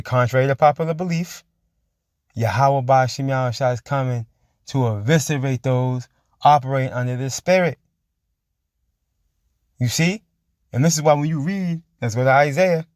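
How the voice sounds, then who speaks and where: A man preaching emphatically, reading scripture slowly and forcefully and checking in with his listeners again and again. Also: medium pitch, no room sound, studio quality. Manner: emphatic, keeps asking "you see?" and saying "man". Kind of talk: street-style sermon with scripture reading.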